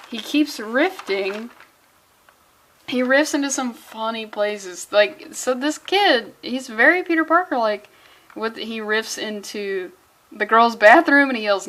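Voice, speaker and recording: A woman's voice: a little high, slow, a bit bright. A young adult woman reviewing a comic in a casual vlog, chatty and jokey, often restarting mid-sentence.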